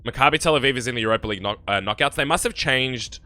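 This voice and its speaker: A man's voice: medium pitch, racing, sharp tone, faint music behind. A young Australian man with an Australian accent, chatting on a live game stream and reading viewer comments aloud in a rambling way. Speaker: gaming streamer.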